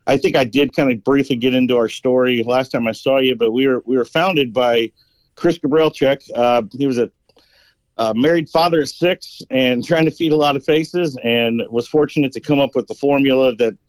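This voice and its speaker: Male guest on a call, relaxed and easygoing, dry sound. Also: mid-range voice, moderate pace, dry recording. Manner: relaxed, easygoing, hesitant fillers. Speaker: guest, additive company rep. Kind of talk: casual interview answers. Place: at home on a couch. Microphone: phone call.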